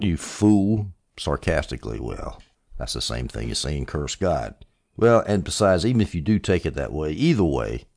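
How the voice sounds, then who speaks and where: A man teaching a Bible passage as a preacher, animated, with sarcastic asides and swings between loud and hushed delivery. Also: low-pitched.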